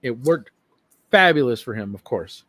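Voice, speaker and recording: A man's voice: medium pitch, animated, normal speed, a bit bright, dry recording. A man co-hosting a wrestling podcast in casual chat, emphatic and profane, often repeating himself. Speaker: podcast co-host.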